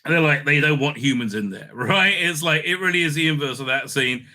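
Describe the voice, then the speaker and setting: Speaking briskly, this host delivers a loose, mocking episode recap full of sardonic jabs, false starts, and filler words. His fairly high, sharp voice has lively intonation.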